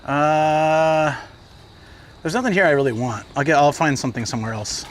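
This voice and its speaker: Man, livestreamer, walking outdoors, rambling casual chat, slightly higher voice, faint street noise. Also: moderate pace. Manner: rambling storytelling with frequent fillers. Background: traffic and city ambience.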